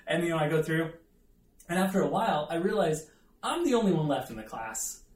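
A man with a slightly high, expressive voice speaks fairly quickly, preaching a conversational sermon built around a self-deprecating story with audience asides. The mic is far away in an echoey room.

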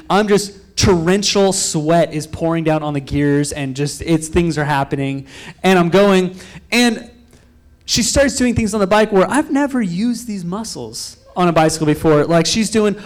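A man's voice: sits high, moderate pace. A young man giving a loose, rambling sermon as a pastor, telling a story and acting out quotes of himself and others. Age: young adult. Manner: loose, rambling with frequent fillers and restarts.

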